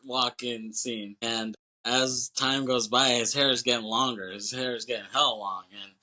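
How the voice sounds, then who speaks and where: A man's voice: mid-range voice, fairly even intonation, normal speed, sharp tone. A man co-hosting a podcast, casually retelling a film's plot in a loose, jokey way and laughing often. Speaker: podcast co-host. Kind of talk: casual movie recap chat.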